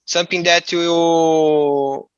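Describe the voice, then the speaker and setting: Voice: medium pitch, level tone, extremely slow, clean tone, dry recording, highs cut off. An adult language student on a video call, hesitant and searching for words, not a native English speaker. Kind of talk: class participation.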